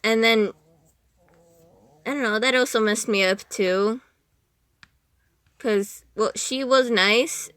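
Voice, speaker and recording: Bright, giggly young woman rambling. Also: a little high, slow, long pauses, clean tone, dry recording. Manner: rambling, giggly, self-interrupting. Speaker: podcast guest. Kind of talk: casual chat.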